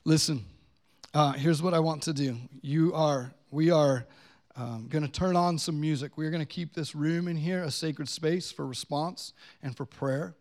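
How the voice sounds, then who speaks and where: A man's voice: on the high side, moderate pace, a little mellow. A man pastor preaching a sermon in a church, earnest and conversational. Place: church sanctuary.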